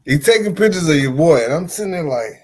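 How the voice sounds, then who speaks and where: This American podcast host moves at a quick pace with lively intonation as he tells a story in an informal monologue. Full of slang, he alternates between shouting outbursts and low mumbles.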